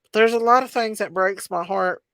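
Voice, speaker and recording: A woman's voice: mid-range voice, normal speed, fairly bright tone, no room sound, clean studio sound. A woman hosting a casual livestream, chatty and emotional as she greets viewers by name. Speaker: livestream host. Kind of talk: casual livestream chat reading comments.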